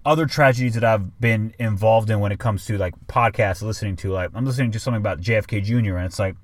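A man's voice: fairly low pitch, quick pace, dry recording. A young man and father co-hosting a podcast, telling a story in casual chat and swearing often. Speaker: podcast co-host.

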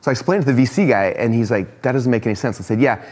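A man telling a quick, excited story as a podcast guest, laughing often. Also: mid-range voice, in a large hall. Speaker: podcast guest, company founder. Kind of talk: casual storytelling in a podcast chat.

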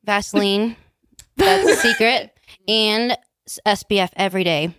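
A man's voice: high-pitched, sing-song, measured pace, pushed and bright, clear, resonant tone, no room sound, exaggerated voice. A feisty grandmother of eighty-five, laid-back and joking, played by a man who barely disguises his voice. The sound is dry and close. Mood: wry. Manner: laid-back, jokey, laughing. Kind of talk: comedic role-play chat.

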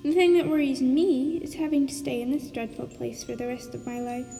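A woman's voice: high voice, fairly even intonation, fairly quick, gravelly, mellow, in a large hall, soft background music. A woman reading a storybook aloud and voicing a plucky, curious young orphan girl in an earnest, matter-of-fact way.

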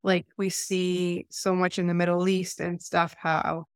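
Smooth-voiced Canadian woman co-hosting a podcast. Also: lowish voice, little pitch movement, measured pace, dry recording, clean studio sound. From Eastern Ontario, Canada. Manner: rambling, self-correcting, conversational. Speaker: podcast co-host. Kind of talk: casual podcast discussion.

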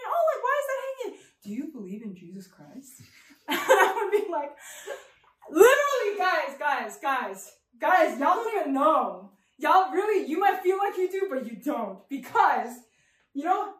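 A young woman from New York City telling a comic personal story in an animated, rambling way, tagging lines with "right?". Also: high-pitched, roomy sound, far from the mic.

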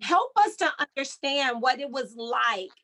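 A woman's voice: sits high, very animated, unhurried, sharp tone, low-quality recording. A woman interviewing a guest, affirming and asking thoughtful questions.

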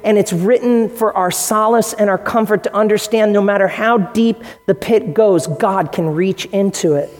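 A man's voice: high voice, moderate pace, few pauses, in a large hall. A male pastor preaching a sermon in an earnest way, acting out the quotes he tells. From United States. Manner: earnest preaching, acts out quotes in shifting voices. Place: church hall.

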